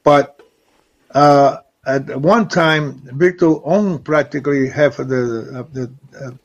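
A man's voice: a little high, takes it slowly. An older man from Rico, a former wrestler telling stories in an interview, rambling and often repeating and restarting his words. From Puerto Rico. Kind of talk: storytelling in an interview. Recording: dull lo-fi recording.

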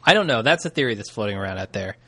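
A man co-hosting a podcast in casual chat, agreeable and speculative, quick to laugh. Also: fairly low pitch, lively intonation, fairly bright tone. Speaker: podcast co-host.

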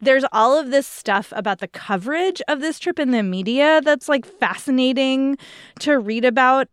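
Smooth-voiced woman podcast host. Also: high-pitched, moderate pace, no echo, clean studio sound. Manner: relaxed, rambling, lots of fillers. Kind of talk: casual book chat.

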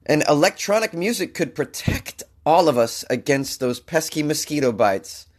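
A man's voice: a little high, animated, moderate pace. Ranting comedian man hosting a news podcast. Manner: exasperated, ranting. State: under the weather. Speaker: podcast host.

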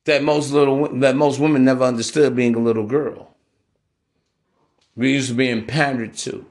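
A man's voice: medium pitch, level tone, moderate pace, darkish tone. A man hosting a podcast monologue, preachy and casual, with slang and constant "man" and "bro.". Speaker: podcast host.

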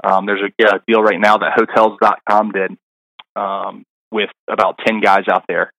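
A man's voice: fairly low pitch, little pitch movement, moderate pace, gravelly, pushed and bright, no room sound, low-quality recording. A middle-aged man, a caddie guest on a podcast, telling stories in a rambling casual way, full of fillers and restarts. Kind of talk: casual interview storytelling.

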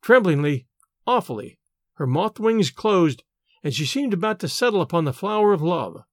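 Guy narrating an old short story, expressive, dry close sound. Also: high voice, normal speed, dry recording. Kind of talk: audiobook narration.

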